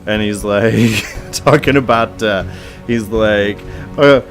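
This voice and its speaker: A man's voice: lowish voice, slow, faint music behind. A man co-hosting a casual podcast chat, retelling scenes in a laid-back way with lots of fillers. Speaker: podcast co-host.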